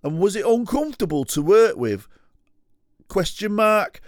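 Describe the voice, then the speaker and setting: A man doing a brash young Manchester lout who reads everything out loud, full stops and question marks included. The voice sits high and pushy, noticeably louder than ordinary talk. It is recorded up close in a dead, dry space. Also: very animated, measured pace, no room sound. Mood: mocking. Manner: brash, loud, mocking punctuation. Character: cocky young male Manchester lout reading a comment.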